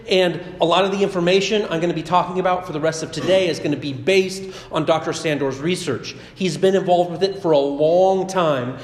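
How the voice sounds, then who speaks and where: A man pastor giving a chatty, conversational sermon with personal stories. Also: high-pitched. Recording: echoey hall reverb.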